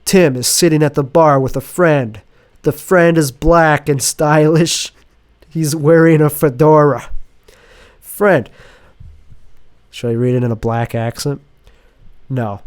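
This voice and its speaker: A man's voice: a little high, slow pace, pauses often, clear, resonant tone, no room sound, clean studio sound. A man who is sick and sniffly, hosting a casual podcast monologue from his apartment and reading a script aloud in a rambling, sardonic way that keeps interrupting itself. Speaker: podcast host. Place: home apartment.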